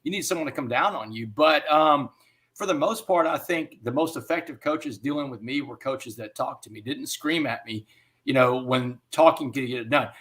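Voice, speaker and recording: A man giving an interview. He tells a personal story in an animated way and often says "man.". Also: mid-range voice, normal speed. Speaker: interview guest.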